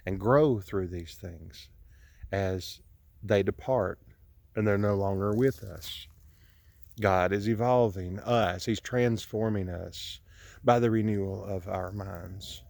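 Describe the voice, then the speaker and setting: A man's voice: fairly low pitch, creaky, a little mellow, dry recording. A grieving man films himself outdoors on his property, talking in an earnest, preachy way that halts and restarts often. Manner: halting, with many restarts. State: grieving, emotional. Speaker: vlogger sharing a personal message. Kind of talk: emotional preachy monologue. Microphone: camera he films himself with.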